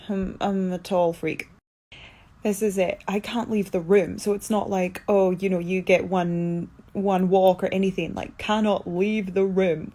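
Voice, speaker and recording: Scottish woman half asleep, chatty low-energy q&a into her phone from a room. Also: a little mellow. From Scotland. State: sleepy. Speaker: actress answering fan questions. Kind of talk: casual Q&A to camera. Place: single room in quarantine. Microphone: phone camera, self-recorded.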